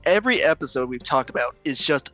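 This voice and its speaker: A man's voice: medium pitch, lively intonation, quick pace, pushed and bright, soft background music, low-quality recording. A man making short, agreeable remarks as a guest in a casual chat. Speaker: panel guest.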